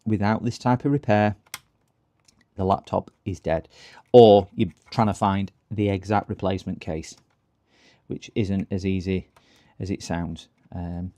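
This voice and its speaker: A man's voice: lowish voice, a little mellow. A man doing a laptop repair on a live stream, talking to his viewers in a chatty, joking and self-deprecating way as he works. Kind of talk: livestream repair commentary.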